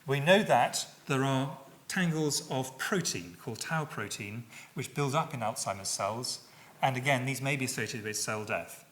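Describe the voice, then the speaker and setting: Measured middle-aged man giving a lecture. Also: mid-range voice, lively intonation, a bit bright. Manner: measured, with frequent fillers and self-corrections. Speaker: public lecturer. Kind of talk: academic public lecture.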